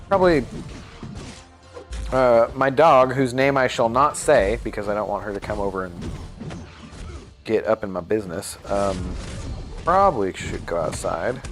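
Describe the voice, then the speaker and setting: A man streaming a game live, chatting casually and thinking aloud with lots of fillers. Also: lowish voice.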